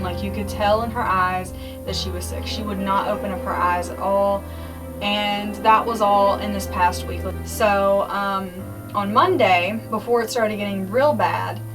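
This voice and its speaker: A woman's voice: medium pitch, a bit bright. A young woman telling a personal story in a casual vlog, rambling with many "like"s and "um"s. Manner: rambling with many likes and ums. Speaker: vlogger. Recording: voice a bit distant, faint music.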